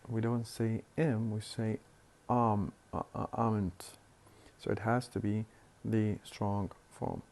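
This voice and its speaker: A man lecturing on phonetics, explaining slowly and deliberately with hesitant fillers and repeated words. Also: on the low side, steady tone, gravelly, darkish tone. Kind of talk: recorded university lecture.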